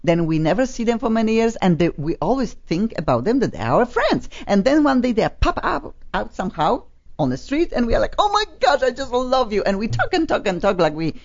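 A woman's voice: mid-range voice, very animated, a little fast, a little mellow, dull audio. A woman with a foreign accent hosting a casual radio talk show, chatty and effusive as she introduces her guests. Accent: foreign accent in English. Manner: chatty and effusive, laughs often.

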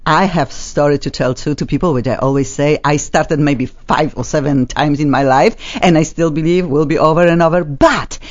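A woman hosting a talk show with excitable, effusive, slightly non-native phrasing. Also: low voice, normal speed, hardly any pauses. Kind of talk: casual chat. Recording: slightly dull lo-fi sound.

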